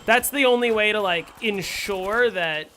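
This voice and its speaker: Bright-voiced young man streaming a game. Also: high-pitched, a little slow, a little hiss or hum. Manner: joking, answers chat with playful sarcasm. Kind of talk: casual live-stream chat while playing.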